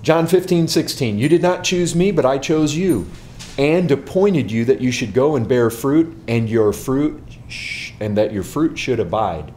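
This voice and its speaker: A man's voice: medium pitch, expressive, a little slow, darkish tone, slight background noise. A man, a pastor, answering a question before a group in an emphatic teaching style, repeating words and asking rhetorical questions.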